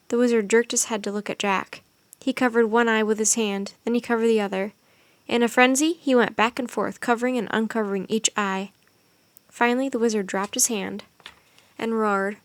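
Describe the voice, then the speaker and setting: A woman reads a storybook aloud in a steady, expressive voice. Her voice sits a bit high. The recording is dry and close, with no room sound. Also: moderate pace, dry recording.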